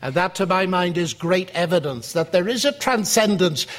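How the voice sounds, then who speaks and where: A man giving a public lecture, telling an anecdote in a lively storytelling way. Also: sits high, moderate pace.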